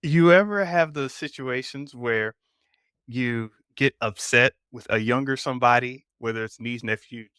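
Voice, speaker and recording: A man's voice: medium pitch, a little slow, clear, resonant tone, no echo, studio quality. A man hosting a podcast in casual chat, telling stories and acting out quotes. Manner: animated storytelling with voiced quotes. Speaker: podcast host.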